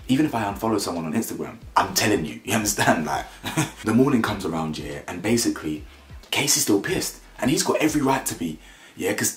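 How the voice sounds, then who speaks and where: A man ranting about a reality show, blunt and mocking, mimicking the people he talks about. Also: echoey room. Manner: blunt, mocking, mimics cast members in high voices. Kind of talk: animated opinion rant.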